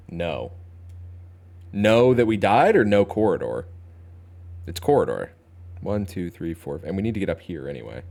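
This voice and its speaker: Young male streamer, deep and animated, casual chatty game commentary. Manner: chatty, talks to chat, thinks aloud, playful. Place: home streaming setup.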